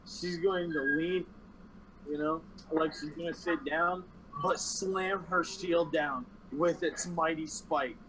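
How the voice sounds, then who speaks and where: A man's voice: on the high side, fairly even intonation, slow, fairly bright tone, slight background noise, poor audio. A man playing a tabletop game, describing his character's actions casually. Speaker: player.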